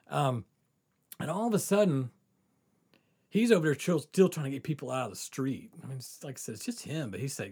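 A man's voice: on the high side, fairly quick, gravelly, breathy edge. A man hosting a podcast, telling a wild story in a casual, laughing, swearing way. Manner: swearing, laughing often, animated. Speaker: podcast host.

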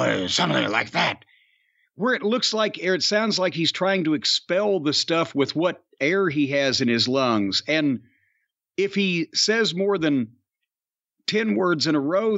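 A man's voice: fairly high pitch, fairly bright tone, dry recording. An older man hosting a podcast, rambling and swearing freely in casual chat. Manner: profane, rambling, does mocking voice impressions. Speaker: podcast host. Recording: dull dry lo-fi sound.

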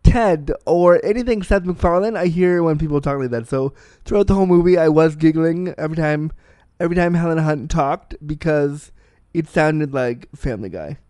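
Talking through a film loosely and candidly, a thirtysomething reviewer swears freely and pokes fun at himself in blunt storytelling. He speaks at a moderate pace in a warm, smooth, resonant voice pitched a bit high for a man. The sound is close and dry, with no room sound at all.

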